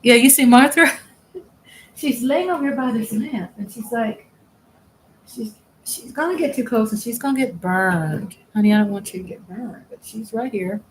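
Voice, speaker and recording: A woman's voice: a little high, moderate pace, slight background noise, rough recording. A woman hosting a casual live stream, chatting in a rambling way, laughing often and trailing off mid-sentence. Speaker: livestream host. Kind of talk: casual live chat while working.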